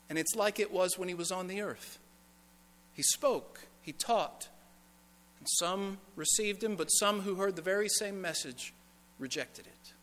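A man preaching a sermon in a church, rising to strong emphasis and dropping to quiet, earnest pleading. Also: fairly high pitch. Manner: preaching with swells of intensity and hushed, earnest pleading. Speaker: pastor. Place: church sanctuary. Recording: church sanctuary with long reverb.

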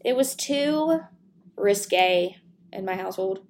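A woman chats casually in a mid-range voice that is neither high nor low. She is enthusiastic and breaks into laughter often. Faint noise sits behind her. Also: expressive, unhurried, darkish tone. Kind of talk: casual chat.

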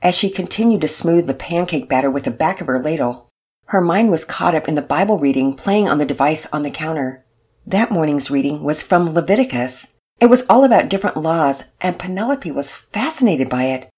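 A woman narrating a storybook in a calm, earnest, gently expressive reading. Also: deep voice, brisk, slightly rough.

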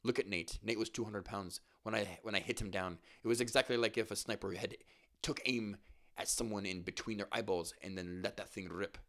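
A man's voice: on the low side, brisk, a bit bright. A man doing a cocky, boasting male fighter. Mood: boastful. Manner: reads quotes in his own voice, no accent.

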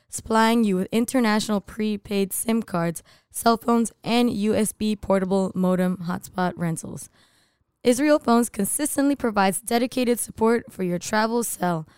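A young woman co-hosts a casual podcast, giggly in chat and careful when she reads ads. Her voice is clear and smooth, recorded close and dry. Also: medium pitch, darkish tone, dry recording. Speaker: podcast co-host.

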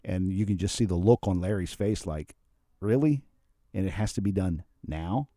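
A man hosting a casual talk about personality types, acting out quoted lines in an animated way. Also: moderate pace, no room sound, clean studio sound. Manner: animated, acts out quotes with sudden pitch jumps. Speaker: host.

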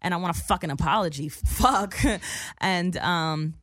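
Brief: young woman, rapid casual storytelling full of swearing, dry close sound. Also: fairly low pitch, dry recording. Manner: profane, animated, acts out other people's lines. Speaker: guest telling a story.

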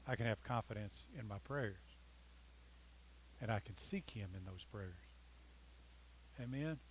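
A man preaches a sermon as pastor, jesting with his congregation and reading scripture with dramatic stress. His lines alternate between loud and pleading and soft and intimate. He has a mid-range voice, with slight background noise on a low-quality recording.

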